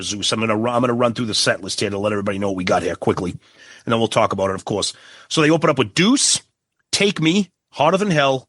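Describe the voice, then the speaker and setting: A man with a plain mid-pitched voice, talking in a steady, matter-of-fact way. As a podcast co-host he keeps the chat moving and answers his partner with quick agreements. The sound is dry and close. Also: no room sound. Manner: steady, brisk, frequent short agreements. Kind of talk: casual chat.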